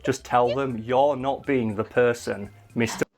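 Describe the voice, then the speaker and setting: A man's voice: medium pitch, fairly even intonation, unhurried. Rambling man telling stories. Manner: rambling, full of "like" fillers. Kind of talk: casual storytelling chat.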